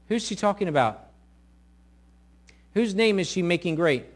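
A middle-aged male pastor preaching a sermon, animated and sometimes acting out quoted voices loudly. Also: on the high side, moderate pace, pauses often.

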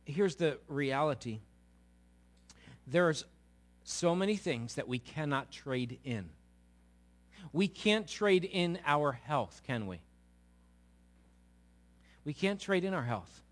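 A man's voice: on the high side, slow pace, pauses often. A middle-aged man preaching a sermon to a live congregation, asking the audience questions and acting out quotes. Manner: animated, asks the audience questions, acts out quotes.

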